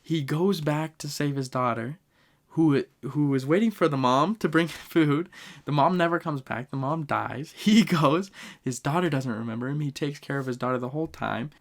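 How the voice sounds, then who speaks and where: A young man hosting a casual podcast, retelling sad scenes in an animated, emotional way with frequent laughs. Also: a little high, moderate pace. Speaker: podcast host.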